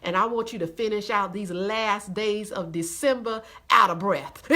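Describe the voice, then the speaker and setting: A woman leads a live devotional sermon in a high, bright voice. She talks to her listeners in a folksy, encouraging way, calling them honey and baby. She laughs often and repeats her phrases for emphasis. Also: moderate pace, few pauses. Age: adult with a day job. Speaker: host of a weekly live devotional.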